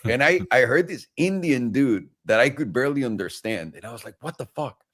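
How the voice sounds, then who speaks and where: A man's voice: mid-range voice, expressive, brisk, fairly bright tone. Joking, crude man hosting a trading talk. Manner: loose, profane, joking. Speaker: co-host, trading educator. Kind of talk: casual chat and chart walkthrough.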